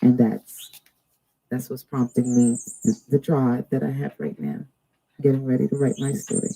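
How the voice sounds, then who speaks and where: A woman giving a live-streamed tarot reading, drawing out each card's message slowly between chatty asides to her viewers. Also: a bass voice, animated, vocal fry, dark tone, slightly rough, rough recording. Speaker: tarot card reader. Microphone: two cameras.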